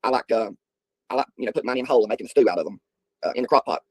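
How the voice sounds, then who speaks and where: Middle-aged man, rapid rambling folksy chat, husky voice, dry close sound. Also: mid-range voice, a little mellow, dry recording, low-quality recording. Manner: rambling, folksy storytelling with filler ums. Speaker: livestream host. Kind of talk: casual chat answering viewers.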